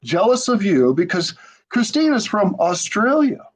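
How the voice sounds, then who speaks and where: Male podcast host, high and animated, upbeat promo energy, on a video call. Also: unhurried. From Michigan. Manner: enthusiastic, hyped promo delivery.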